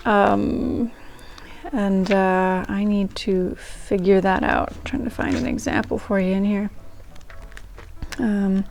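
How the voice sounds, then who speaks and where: A woman's voice: mid-range voice, little pitch movement, slow, gravelly, darkish tone. A woman hosting a diary-reading channel, chatting to viewers in a rambling way. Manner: rambling and chatty, with many ums and restarts. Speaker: host reading old diaries. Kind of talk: casual chat to viewers. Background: faint ragtime music.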